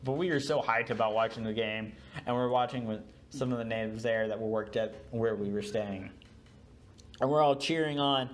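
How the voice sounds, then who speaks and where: A man's voice: medium pitch, normal speed. Sleepy young man rambling casually. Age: young adult. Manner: rambling storyteller with fillers. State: sleep-deprived, yawning. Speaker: podcast co-host. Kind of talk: casual chat.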